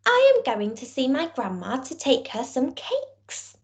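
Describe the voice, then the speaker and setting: A woman voicing a kind, helpful little girl in a fairy tale read aloud to children, in a high, sweet voice. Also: wildly swooping pitch, unhurried, full character voice. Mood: innocent.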